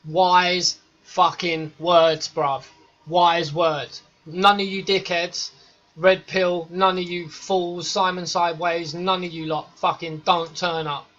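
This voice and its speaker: A man's voice: high voice, level tone, slow, a bit bright. A man reacting to a video clip, talking in a sweary, slangy, emphatic way. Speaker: reaction vlogger. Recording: dull lo-fi recording.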